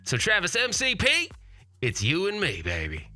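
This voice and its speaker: A man's voice: a little high, lively intonation, bright, forceful tone, husky, soft background music, heavily acted. A man putting on an accent to play a cheesy flirting guy who delivers pickup lines on a comedy podcast. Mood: flirty. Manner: put-on accent, drawling and slow.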